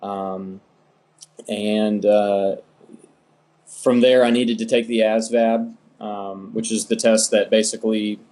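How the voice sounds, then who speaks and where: A young man from the United States, an interview guest, telling his story in a relaxed, rambling way with many fillers. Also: fairly low pitch, takes it slowly. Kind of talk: casual storytelling.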